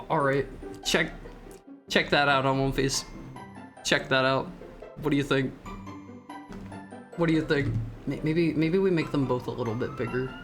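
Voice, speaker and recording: With a fairly high, fairly bright voice, a man VTuber hangs out with his stream viewers in casual chat. His manner is playful and teasing, and he keeps stammering and restarting as he stumbles over words.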